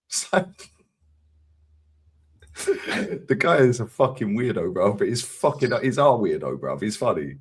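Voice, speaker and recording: Husky, animated London man telling stories. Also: on the low side, a little slow, long pauses. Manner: animated, laughing, swearing freely. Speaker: co-host of a football fan channel. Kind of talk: casual storytelling chat.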